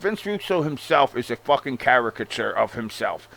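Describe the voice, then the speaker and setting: A man's voice: mid-range voice, big pitch swings, moderate pace, creaky, few pauses, fairly bright tone. A man ranting casually as a wrestling show host, sarcastic and full of swearing, calling the listener bro. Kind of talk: casual rant.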